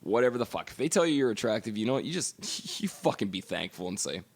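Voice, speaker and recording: A middle-aged man with a gravelly, rough-edged voice, co-hosting a podcast and spinning long, profanity-laced stories. His pitch swings widely, rising high and dropping low as he tells them. The delivery stays loose and casual throughout. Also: sing-song, fast talker. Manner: profane storytelling. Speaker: podcast co-host. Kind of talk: casual chat.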